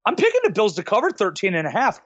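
A man co-hosts a casual sports podcast, hesitantly stumbling and restarting as he works through his points, then adding a sardonic edge. His voice sits high with huge pitch swings, a quick pace and a fairly bright tone. The recording is dry and muffled, with no room sound.

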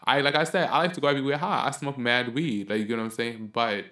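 A man hosts a casual podcast monologue in a blunt, profane ranting manner that keeps flaring up. His voice sits at an ordinary middle pitch. The sound carries a noticeable room echo. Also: steady tone, fast talker. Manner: blunt, profane, heated ranting that flares up loud. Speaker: podcast host.

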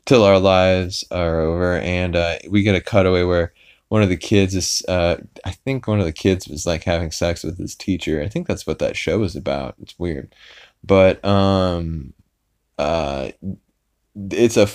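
A man's voice: low-pitched, measured pace, darkish tone, smooth. A man hosting a podcast, casually recapping a cartoon episode in a rambling way with many fillers. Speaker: podcast host.

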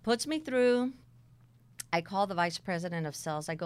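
A middle-aged woman casually telling her career story, blunt and animated, acting out the dialogue. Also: lowish voice, moderate pace, long pauses, clean tone.

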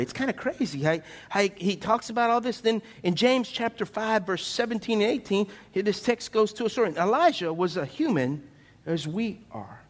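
A man preaching a sermon as pastor, animated and conversational, asking his listeners questions. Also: sits high.

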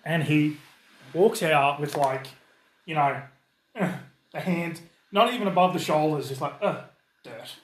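A man's voice: on the high side, a little slow, pauses often. A man narrating as game master in a casual, loose way. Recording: echoey room with faint noise.

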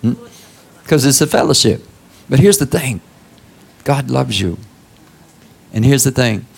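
A man preaching a sermon in a conversational style, prodding listeners with "huh?" and leaping up high for emphasis. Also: lively intonation, a little slow, creaky, slightly rough. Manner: conversational preaching with call-outs like "Huh?" and sudden high exclamations. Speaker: pastor.

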